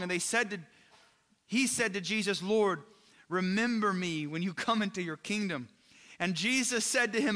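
A man's voice: high voice, expressive, normal speed, pushed and bright, big-room sound. A man preaching a sermon in a casual, conversational way, often turning to his listeners directly. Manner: casual, conversational, addresses listeners as "you guys". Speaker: pastor.

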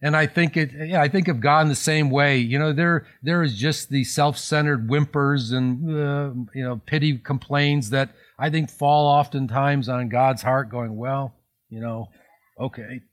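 A man's voice: fairly high pitch, fairly even intonation, moderate pace, few pauses. A middle-aged man preaching a sermon as a pastor, in a conversational way with many fillers and restarts.

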